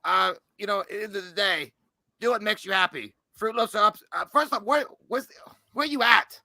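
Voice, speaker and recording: A man co-hosting a livestream, giving a loud, profane mock pep talk in casual chat. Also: high-pitched, moderate pace, vocal fry, no echo. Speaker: livestream co-host.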